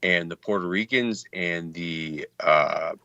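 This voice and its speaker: A man's voice: low-pitched, slow pace, pushed and bright, clean tone, no echo, highs cut off. A man with a Texan accent chatting loosely on a call, swearing freely. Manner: loose, profane, talks over others. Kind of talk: casual chat.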